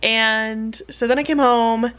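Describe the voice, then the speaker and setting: A slightly high-pitched young woman talks straight to her vlog camera in an easy, chatty way. She rushes through a story, scattering "like" everywhere and acting out what other people said in sudden high, lively voices. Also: clean tone. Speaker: vlogger, PhD student.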